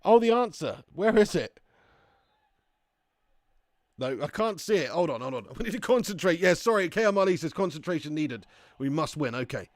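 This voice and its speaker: A man streaming a football game live, commentating excitably and chatting with viewers. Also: a little high, normal speed, long pauses, no room sound, studio quality. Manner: excitable, swearing, chatty banter. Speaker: gaming livestreamer.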